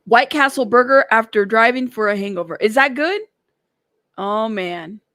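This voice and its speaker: A woman's voice: on the high side, moderate pace, a bit bright, no room sound, clean studio sound. A woman hosting a casual live stream, talking in a sassy, teasing way and laughing often. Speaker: live-stream news host.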